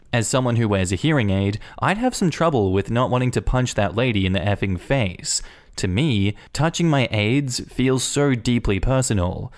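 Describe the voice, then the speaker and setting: A man narrating online stories aloud in an even, conversational reading manner. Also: medium pitch. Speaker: story narrator.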